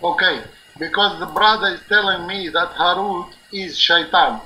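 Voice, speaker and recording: A man's voice: sits high, moderate pace, pushed and bright, a little hiss or hum, poor audio. A man hosting a live religious talk show, explaining earnestly and insistently, often checking in with "okay?". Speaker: live-stream show host. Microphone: live stream or call-in line.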